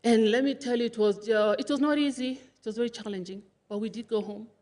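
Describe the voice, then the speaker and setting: A woman's voice: on the high side, fast talker, a little mellow. A woman giving an emotional tribute at a funeral service, laughing and crying as she speaks about her late brother-in-law. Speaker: eulogy speaker, sister-in-law of the deceased. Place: funeral service before a congregation.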